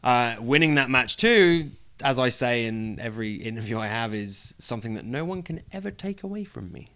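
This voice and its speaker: A young man with a British accent, a wrestler chatting as a guest in an interview, playful and quick to laugh. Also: mid-range voice, lively intonation, a bit bright. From United Kingdom. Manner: playful, jokey, laughs easily. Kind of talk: casual interview chat.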